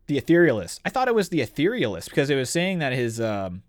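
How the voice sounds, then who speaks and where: A man's voice: mid-range voice, sing-song, quick pace, no echo, studio quality. A man co-hosting a casual book podcast, reading passages aloud and retelling characters' lines with animation. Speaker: podcast co-host discussing a book.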